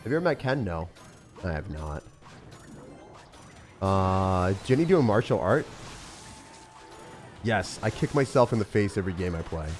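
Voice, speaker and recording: A man's voice: low voice, expressive, moderate pace, long pauses, soft background music. A young man streaming a game live, joking at his own expense and answering chat. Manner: self-mocking, jokey, reads and answers chat.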